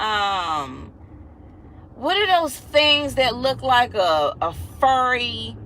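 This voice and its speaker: A woman in her thirties chatting casually to her viewers, animated and laughing often as she acts out what people said. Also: a little high, slight background noise. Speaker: vlogger. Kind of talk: casual storytelling chat.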